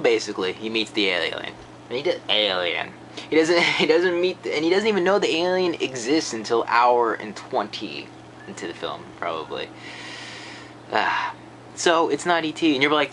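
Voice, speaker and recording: A young man giving a casual, profane film rant, animated and mocking, in a room with faint noise. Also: medium pitch, moderate pace. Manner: animated, mocking voices, frequent swearing. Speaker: vlogger reviewing films.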